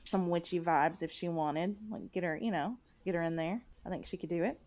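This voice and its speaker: A woman with a fairly low voice chats casually as a co-host. She talks emphatically, piling up fillers and restarts as she goes. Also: brisk, a little mellow. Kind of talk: casual chat.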